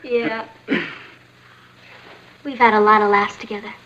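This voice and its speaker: A teenage girl in a sitcom, bubbly and excitable. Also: mid-range voice, unhurried, dull audio. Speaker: teenage daughter. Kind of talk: sitcom acting.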